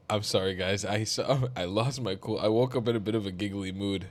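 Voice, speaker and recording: A man's voice: fairly low pitch, a little fast, few pauses. Blunt, mocking male reaction host. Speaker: commentary host. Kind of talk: reaction commentary.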